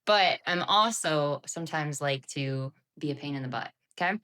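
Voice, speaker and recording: Woman co-hosting a podcast, kinda low voice, chatty, rambly storyteller. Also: normal speed, fairly bright tone. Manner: chatty, laughing, filler-heavy storytelling. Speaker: podcast co-host. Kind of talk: casual chat, storytelling.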